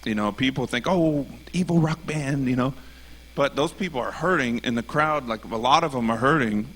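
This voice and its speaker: A man tells his testimony on a church stage in a loose, conversational way. He is earnest and animated, and he slips into other people's voices when he quotes them. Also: medium pitch, brisk. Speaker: guest speaker. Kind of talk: casual testimony storytelling.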